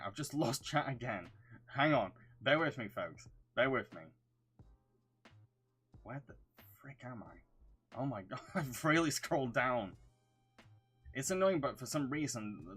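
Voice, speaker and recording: Lowish-voiced guy, london-yorkshire accent mix, super enunciated, chatting through a live q&a, bit of music playing quietly behind. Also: husky. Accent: mixed London and Yorkshire English. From England. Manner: reads viewer questions aloud, hums to himself while scrolling; over-enunciated. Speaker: streamer answering chat. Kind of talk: casual livestream Q&A chat.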